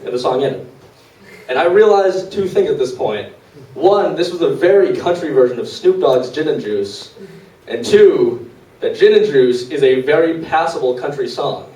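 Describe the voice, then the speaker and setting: A man's voice: on the high side, expressive, moderate pace, warm tone. A young man of twenty telling comic stories at an open mic in a small venue, in a loose, rambling way with lots of fillers. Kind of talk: live comic storytelling. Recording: roomy live room, distant mic.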